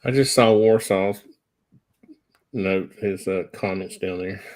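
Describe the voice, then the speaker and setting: A low-voiced man chats easily on a live stream and teases the host now and then. His tone stays relaxed. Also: slow pace. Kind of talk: casual live-stream chat.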